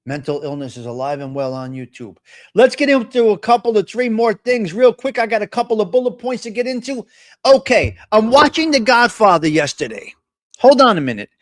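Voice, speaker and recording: High-voiced man ranting profanely. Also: brisk. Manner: profane, excitable rants. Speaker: host. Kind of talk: live-stream casual chat.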